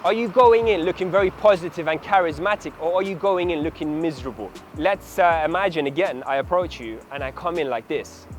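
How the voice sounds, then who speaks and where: A man giving dating advice straight to camera, animated and instructive, acting out short examples as he goes. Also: fairly high pitch, fairly quick, hardly any pauses, a little hiss or hum. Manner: animated, demonstrates approaches in acted voices. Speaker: dating coach. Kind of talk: direct-to-camera coaching talk.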